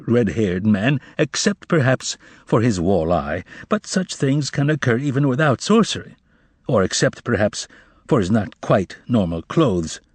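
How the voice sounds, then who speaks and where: A man narrating an audiobook novel in a measured, expressive storytelling manner. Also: medium pitch, breathy edge, no echo. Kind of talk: scripted narration.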